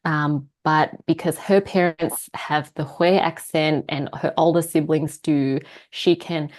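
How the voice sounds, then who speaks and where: Low-voiced woman psychologist guest. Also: steady tone, takes it slowly. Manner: thoughtful, reflective, laughs while telling stories. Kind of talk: casual podcast conversation.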